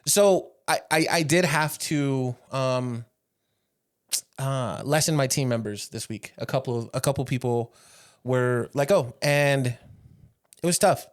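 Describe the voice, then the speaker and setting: A young man co-hosting a podcast, telling stories in a casual, animated way, teasing his friend and laughing a lot. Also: mid-range voice, a little slow, clean tone. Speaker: podcast co-host and business owner. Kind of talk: casual chat.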